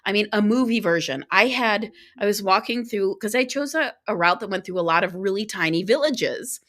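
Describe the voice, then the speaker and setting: Animated woman telling a travel story. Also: mid-range voice. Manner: animated, acts out quoted dialogue; talks in quick bursts with restarts. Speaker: podcast guest. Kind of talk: casual storytelling in an interview.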